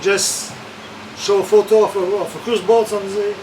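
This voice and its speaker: Man, bar owner, animated, high-pitched, distant from mic, street noise. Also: normal speed. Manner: animated, acts out other people's complaints. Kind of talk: casual street conversation. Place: outdoors on a village street.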